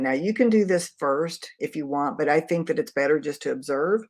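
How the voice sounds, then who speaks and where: A woman's voice: low-pitched, animated, brisk, a little mellow. Earnest middle-aged woman coaching live. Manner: earnest, practical, conversational. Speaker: leadership coach. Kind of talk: live-streamed teaching talk.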